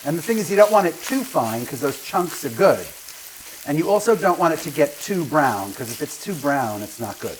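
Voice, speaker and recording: A man's voice: on the high side, very animated, moderate pace, low-quality recording. Man, cooking show host, casual kitchen chat, chatty manner, faint hiss. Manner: chatty, calls people darling.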